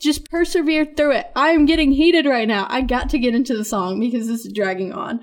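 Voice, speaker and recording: A woman's voice: fairly high pitch, a little fast. A woman hosting a podcast, talking casually in an earnest, rambling and encouraging way. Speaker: podcast host.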